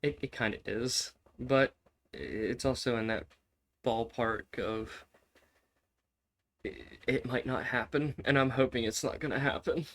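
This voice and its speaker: Excitable man commenting on his game. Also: mid-range voice, a little slow. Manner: swearing, repeats phrases, laughs often, excitable. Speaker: gaming streamer. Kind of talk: casual gameplay commentary.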